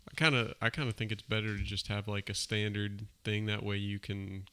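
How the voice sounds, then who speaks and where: A man with a Southern US accent hosting a casual interview, laid-back and unhurried. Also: lowish voice, little pitch movement, sharp tone, smooth. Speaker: interviewer, host.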